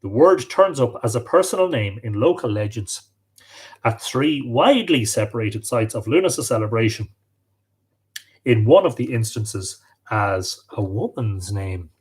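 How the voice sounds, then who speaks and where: Male host, slightly raspy, reads from books and wanders into asides. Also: medium pitch, expressive, a little slow. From Ireland. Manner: reads passages aloud, breaks off for asides and rummaging for books. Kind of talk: live-stream talk, reading aloud from books.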